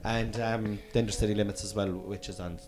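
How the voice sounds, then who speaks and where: A man's voice: fairly low pitch, steady tone, fairly quick, music in the background. A man with an Irish Cork accent hosting a casual comedy podcast chat, rambling with hesitant fillers and casual swearing.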